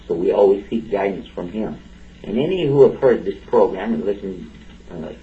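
A man's voice: lowish voice, muffled recording, slight background noise. A man hosting a live religious radio program, preaching in an earnest, rambling way, asking listeners questions and often restarting his sentences. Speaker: radio show host and preacher. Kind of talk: conversational religious talk on air. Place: live broadcast from a university.

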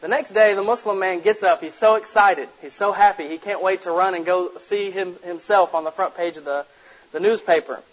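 A man with a slightly high voice speaks to a room as a lecturer, blunt and direct and fond of jokes. He talks casually into a microphone. The recording sounds dull and lo-fi. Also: a little fast. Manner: blunt, direct, jokey storyteller. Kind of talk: casual public lecture to an audience. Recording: muffled lo-fi recording.

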